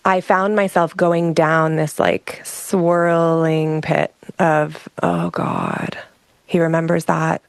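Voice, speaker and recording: A woman's voice: fairly low pitch, clean tone, dry recording. A woman speaking as a guest on a conversation show, telling a personal story in a frank, reflective way with frequent restarts. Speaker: guest, emotional regulation specialist.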